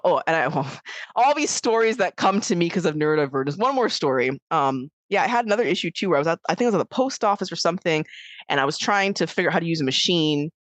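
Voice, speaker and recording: A woman's voice: deep voice, no room sound. A woman co-hosting a podcast in casual chat, rambling with many fillers and restarts, acting out quoted voices as she tells stories. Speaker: podcast co-host.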